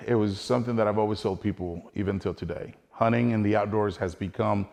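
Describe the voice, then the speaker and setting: A man's voice: lowish voice, fairly even intonation, brisk, creaky, darkish tone, in a large hall. A man earnestly telling a personal hunting story in a casual, conversational way, acting out bits of dialogue as he goes.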